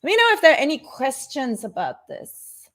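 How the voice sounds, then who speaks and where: A woman teaching bass in a live-streamed lesson, talking informally and laughing easily as she answers viewers. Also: huge pitch swings, normal speed, fairly bright tone.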